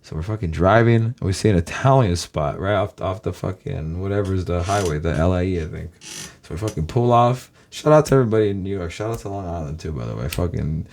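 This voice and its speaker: A man's voice: sits low, lively intonation, fairly quick, vocal fry, darkish tone. A man from Los Angeles, a YouTuber, rambling casually to his viewers, swearing constantly and calling them guys.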